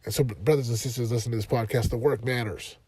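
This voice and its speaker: A man in his thirties hosting a motivational podcast from his car, talking earnestly and rising to loud, passionate emphasis. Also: mid-range voice, fairly even intonation, quick pace, husky, no echo. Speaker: podcast host and life coach.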